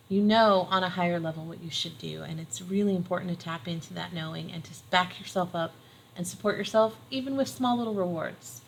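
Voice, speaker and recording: A woman's voice: fairly low pitch, a little hiss or hum, low-quality recording. A middle-aged woman giving a casual tarot reading, earnest and encouraging, repeating phrases for emphasis. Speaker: tarot reader.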